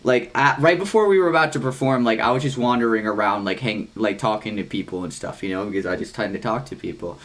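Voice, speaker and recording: A young man co-hosting a podcast. He tells a long, rambling story in casual chat, swearing freely and saying "like" constantly, with excited jumps in pitch. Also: fast talker, few pauses. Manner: rambling, heavy use of "like", frequent swearing. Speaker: podcast co-host.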